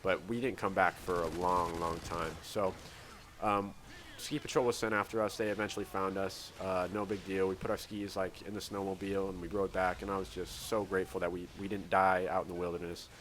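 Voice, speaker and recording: Gaming host, male, lowish voice, rambling casual storyteller, faint gunfire underneath. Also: little pitch movement, fairly quick, fairly bright tone, a little hiss or hum. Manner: rambling, many "like" fillers and restarts. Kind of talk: casual storytelling over gameplay.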